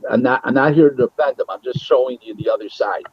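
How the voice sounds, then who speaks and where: This Buffalo, New York native talks fast in a slightly rough, medium-pitched voice, with no echo on the dull, dry, lo-fi recording. Chatting informally in an interview, the boxing matchmaker and booking agent brings his stories to life by performing each quoted line.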